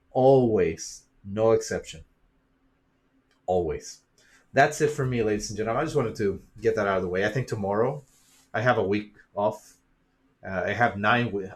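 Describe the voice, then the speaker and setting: Rambling man lecturing his viewers. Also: lowish voice. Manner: rambling, repetitive, emphatic lecturing; swears freely. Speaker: YouTuber and streamer. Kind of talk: casual vlog monologue.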